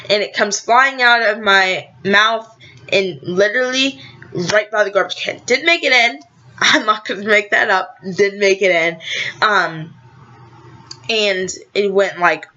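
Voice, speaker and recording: A teenage girl vlogs a story straight to camera, rambling along, correcting herself and chatting to her viewers. Her voice is bright and forward. The sound is dull and lo-fi, like a home video. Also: mid-range voice, unhurried. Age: teens. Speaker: vlogger.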